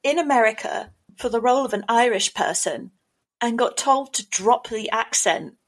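A woman's voice: fairly high pitch, lively intonation, moderate pace. An English woman co-hosting a casual podcast chat, chatty and self-mocking, often breaking into laughs. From England. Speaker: podcast co-host.

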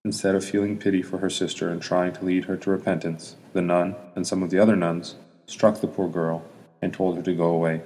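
A man with a very low, dark voice narrates a saint's life in a steady, solemn read with almost no rise and fall. A long hall reverb hangs behind every line. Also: brisk. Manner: even, solemn reading.

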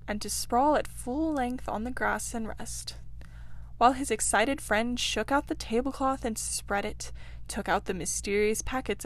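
A woman reading a classic storybook aloud in a steady, expressive narration. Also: mid-range voice, no room sound. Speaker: audiobook reader.

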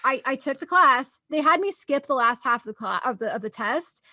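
Bubbly laughing woman, higher voice. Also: animated, fairly quick, sharp tone, no echo. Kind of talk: casual chat.

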